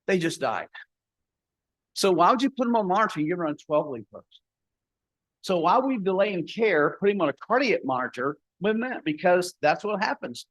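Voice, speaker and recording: A man's voice: sits high, big pitch swings, moderate pace, fairly bright tone, dry recording, poor audio. A man, giving a conference talk as a paramedic educator, folksy and acting out the dialogue in his stories.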